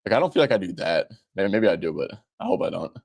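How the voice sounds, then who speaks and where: A man's voice: deep voice, big pitch swings, fast, vocal fry, darkish tone, no room sound. A young man hosting a sports betting show, joking around loosely with lots of fillers. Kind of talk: casual betting chat.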